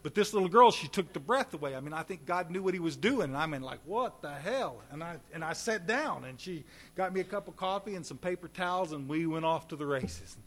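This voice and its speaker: A man telling his recovery story at a meeting, folksy and animated, talking straight to the audience. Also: fairly high pitch, fairly quick, hardly any pauses. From Texas. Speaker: recovery speaker.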